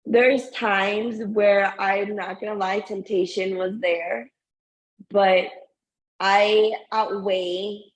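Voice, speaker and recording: A woman co-hosting a relaxed podcast conversation. She speaks at an unhurried, drawn-out pace with a mid-range voice, earnest and a little emotional. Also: mid-range voice, poor audio. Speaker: podcast co-host. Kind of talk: casual chat.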